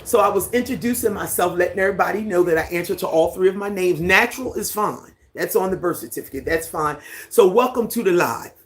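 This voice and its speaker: A livestream host who has lived on a Caribbean island for ten years, chatting casually with viewers at home and reading out their comments in an unhurried way. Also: mid-range voice. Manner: relaxed, unhurried, greets and reads out viewer comments. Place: at home, indoors, near a fan.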